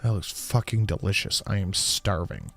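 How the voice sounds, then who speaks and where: A man's voice: low voice, lively intonation, normal speed, creaky, fairly bright tone, slight background noise. Sarcastic, swearing live stream host, man. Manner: casual, sarcastic, swears freely.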